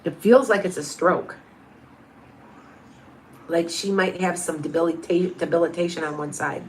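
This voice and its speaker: A woman's voice: lowish voice, steady tone, normal speed, a little mellow, a little hiss or hum. A woman in her fifties, a medium hosting a livestream, chatting casually through viewer questions with lots of restarts and asides. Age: 50s.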